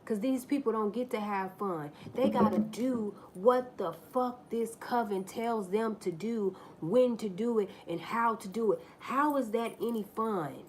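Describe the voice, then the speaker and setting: Casual woman livestream host, slow deliberate rant, cusses freely, repeats herself. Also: on the high side, a little mellow, a little hiss or hum. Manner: blunt, profane, mocking storytelling; repeats herself and restarts lines.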